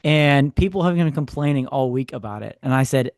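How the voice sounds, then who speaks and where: A man, co-hosting a podcast, telling a story in a casual, animated way with sarcastic asides. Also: medium pitch, brisk, hardly any pauses, no echo, clean studio sound. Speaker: podcast co-host. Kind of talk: casual chat.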